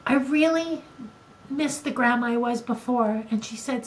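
Speaking at a measured pace in a slightly high voice, an older female co-host chats on a podcast, candid and emotional, frequently restarting her sentences. The recording is low quality.

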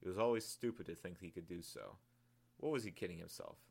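A man reading his own novel aloud in a calm, measured audiobook narration. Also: deep voice, vocal fry.

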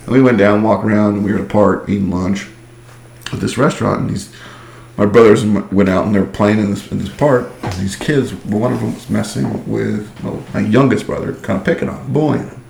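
Texan guy in his 40s, gravelly voice, rambly podcast stories full of "like". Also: fairly low pitch, brisk, a little mellow, a little hiss or hum. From England. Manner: rambling storyteller with many fillers. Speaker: podcast guest. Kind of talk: casual chat.

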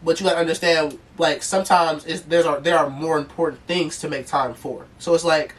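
A man's voice: on the high side, fairly even intonation, fairly quick, distant mic. A man co-hosting a podcast in casual chat, rambling, with many fillers. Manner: loose, rambling, full of "like" and "you know what I'm saying". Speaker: podcast co-host. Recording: voice from off the mic.

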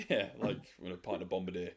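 A deep-voiced man with a gravelly edge hosts a casual podcast chat. He laughs often, swears freely and keeps the banter moving, with a bright tone over a faint hiss. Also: fairly quick. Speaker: podcast host.

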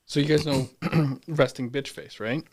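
A man co-hosting a casual podcast, a low-key and blunt storyteller who laughs easily. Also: steady tone, a little slow, crowd noise. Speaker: podcast co-host. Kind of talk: casual chat.

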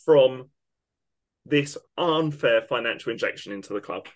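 A man's voice: mid-range voice, animated, measured pace. A man co-hosting a football podcast, ranting with emphatic indignation. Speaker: podcast co-host. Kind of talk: opinionated football podcast rant.

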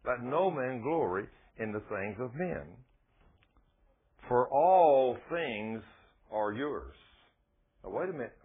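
A man's voice: mid-range voice, slightly rough. A man preaching a folksy, emphatic sermon and reading from scripture. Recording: tinny phone-like radio broadcast.

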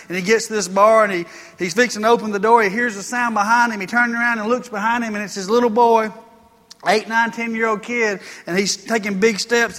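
Preacher guy, high bright voice, folksy stories, church hall reverb. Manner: folksy storytelling preacher, rising to emphatic preaching. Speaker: pastor. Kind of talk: sermon.

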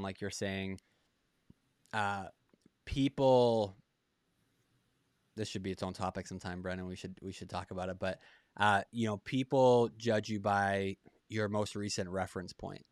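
A man's voice: lowish voice, fairly even intonation, moderate pace, no room sound, clean studio sound. A man from Boston, a podcast host, reflecting casually on the guest's story and rambling a little, with self-deprecating dad jokes.

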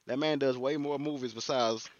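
A man co-hosting a casual chat, slangy and animated, often quoting himself. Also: medium pitch, normal speed, no echo, lo-fi sound. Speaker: podcast co-host.

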